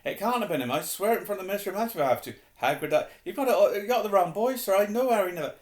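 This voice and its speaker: A man doing a loud, ranting big groundskeeper. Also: sits high, expressive, very fast, pitched above the performer's own voice. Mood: urgent ranting. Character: huge agitated male groundskeeper, rough-hewn and loyal. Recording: roomy echo.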